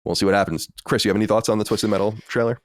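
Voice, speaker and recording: A man co-hosting a podcast in casual chat, opinionated and prone to quick restarts. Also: lowish voice, fairly even intonation. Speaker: podcast co-host.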